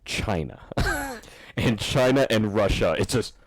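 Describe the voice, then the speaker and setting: A man hosting a podcast, telling stories in a rambling, animated way and laughing often. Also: fairly low pitch, takes it slowly, husky, no echo. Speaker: podcast host. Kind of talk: casual podcast chat.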